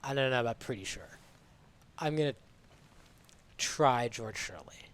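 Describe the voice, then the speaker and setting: A man streaming a game live, musing aloud in a relaxed, unhurried way as he works things out. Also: medium pitch.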